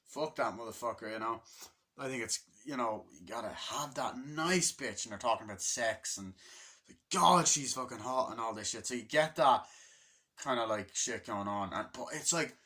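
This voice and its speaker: A man's voice: mid-range voice, animated, normal speed, bright, forceful tone. A man giving a casual, rambling movie review, swearing freely and loosely chatty.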